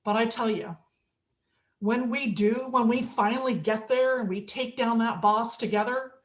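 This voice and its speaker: A woman's voice: on the high side, moderate pace. A woman minister giving a conversational sermon, telling stories and acting out quotes. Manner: conversational storytelling with acted quotes.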